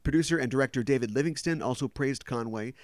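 A man's voice: mid-range voice, fast, no echo, clean studio sound. A man hosting a casual podcast chat, talking at length and explaining background details. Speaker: podcast host.

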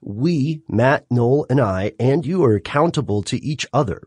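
A man co-hosting a casual podcast, talking in an animated, emphatic way and laughing often. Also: mid-range voice, normal speed, breathy edge, no room sound. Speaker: podcast co-host.

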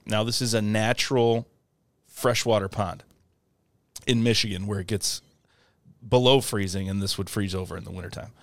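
A man's voice: lowish voice, fairly even intonation, moderate pace, vocal fry, no room sound. A man co-hosting a podcast in casual chat, joking, swearing and laughing often. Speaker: podcast co-host.

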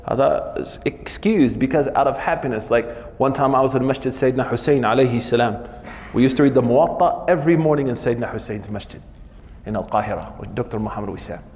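A man's voice: medium pitch, a little mellow. Casual man teaching in an echoey hall. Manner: casual, often ends phrases with "man". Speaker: religious teacher. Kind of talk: informal religious lesson.

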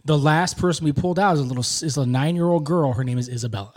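A man's voice: on the high side, quick pace, darkish tone. A man in casual podcast talk, telling an emotional story in a rambling way with many restarts.

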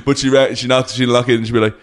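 A man in his thirties with an Irish accent, co-hosting a casual podcast chat, a lively storyteller who laughs often and wanders off point. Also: medium pitch, very fast. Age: 30s. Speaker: podcast co-host.

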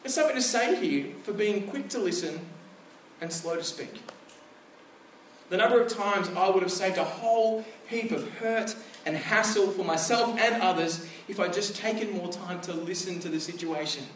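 High-voiced pastor preaching in an echoey hall. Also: male voice, moderate pace, slight background noise. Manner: conversational, storytelling with animated asides. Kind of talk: sermon. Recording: echoey room, picked up from a distance.

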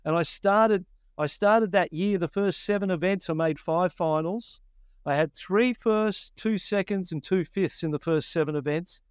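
A man in his fifties with an Australian accent speaks unhurriedly in a high, smooth voice, captured with studio quality and no echo. A surf commentator, he tells stories in a casual interview, acting out what he was thinking back then.

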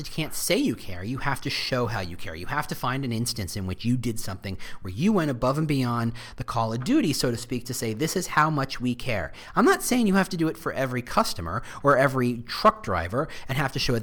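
A man explaining marketing and employer branding in an animated, conversational way, with quick self-corrections and asides. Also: mid-range voice. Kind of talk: casual explanatory talk.

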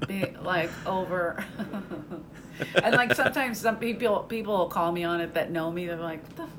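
A woman comedian, telling stories in casual chat, brash and profane, laughing often and dropping into quick impressions. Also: lowish voice, a bit bright, a little hiss or hum. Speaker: comedian guest.

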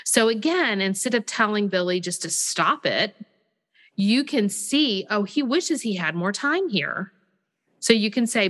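A woman, co-hosting a parenting podcast, animated and chatty, often acting out what a parent and a child would say. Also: medium pitch, a little slow, in a large hall. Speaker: podcast co-host. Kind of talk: casual parenting podcast chat.

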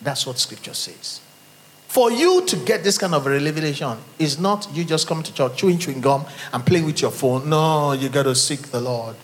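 Nigerian male pastor, middle-aged, lively and fairly high voice, rhetorical sermon delivery, long church reverb. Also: normal speed, a little hiss or hum. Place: church hall.

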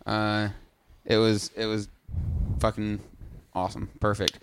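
A man's voice: lowish voice, completely flat delivery, a little slow, a little hiss or hum. A man co-hosting a casual podcast chat, laid-back, swearing freely and leading the round of opinions. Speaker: podcast co-host.

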